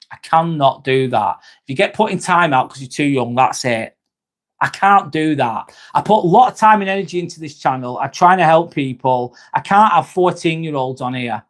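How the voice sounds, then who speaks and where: Guy on a live stream, slightly high voice, earnest, keeps repeating himself, calls folks mate. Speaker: live-stream host reading viewer comments. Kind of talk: casual live-stream chat.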